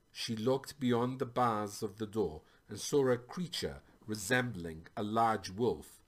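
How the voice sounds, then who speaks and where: Slow, lively male storyteller. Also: on the low side. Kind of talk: reading a story aloud.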